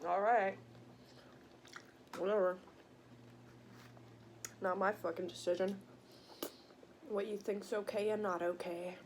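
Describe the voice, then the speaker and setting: A woman's voice: medium pitch, flat delivery, takes it slowly, pauses often, a little mellow, a little hiss or hum. A woman with an American country accent, chatting crudely and joking while eating on camera in a casual vlog. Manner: crude, joking, laughs a lot. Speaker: mukbang vlogger.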